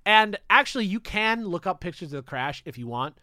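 A young man hosting a podcast, telling a story in a casual, animated way with jokey asides and swearing. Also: sits high, fairly quick, dry recording, studio quality. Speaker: podcast host.

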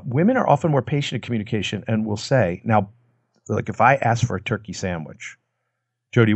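Male expert guest, low voice, dry close mic, conversational and demonstrative. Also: darkish tone, no room sound. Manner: demonstrates lines with acted quotes and lowered voice. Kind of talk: explanatory conversational talk.

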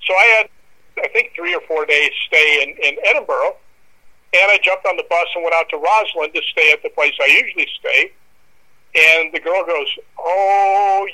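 Bright-voiced man telling stories. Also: on the high side, poor audio. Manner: animated anecdotes acting out quoted voices. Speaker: podcast guest. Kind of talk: casual storytelling.

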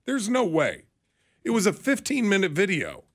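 Animated man reacting with disbelief. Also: sits high, moderate pace. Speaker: radio co-host. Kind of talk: casual chat.

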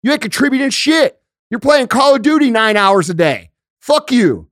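A man's voice: very high-pitched, sing-song, moderate pace, a bit bright, no echo, studio quality. A man hosting a podcast, talking bluntly and emphatically with lots of swearing, mixing rants with everyday analogies. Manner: conversational, uses everyday analogies. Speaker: podcast host. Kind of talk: casual podcast rant. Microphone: studio podcast microphone.

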